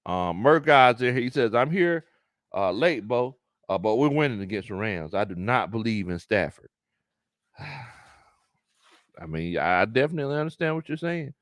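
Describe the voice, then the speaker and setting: A man's voice: medium pitch, expressive, unhurried, long pauses, a bit bright, no echo, clean studio sound. A man with a Southern US accent hosting a casual sports livestream, reading chat comments aloud, repeating himself and laughing often. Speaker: sports talk show host reading live chat.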